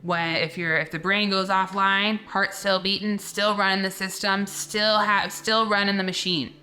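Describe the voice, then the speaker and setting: A woman spiritual coach giving a gentle guided teaching talk, speaking softly and slowly with soothing, repeated phrases. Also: medium pitch, flat delivery, smooth, faint music behind.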